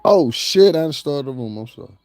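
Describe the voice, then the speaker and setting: Male gossip vlogger with a mellow voice, mocking and ranting, laughs at his own jokes. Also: on the high side, expressive, a little fast, no room sound. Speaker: celebrity gossip commentator. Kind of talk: profane ranting commentary.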